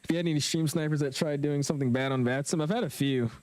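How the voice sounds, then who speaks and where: A young man casually commentating his flight simulator live stream, chatting with viewers in a relaxed, slangy way. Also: on the high side, fast, no echo. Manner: laid-back, chatty, slangy, reads chat aloud.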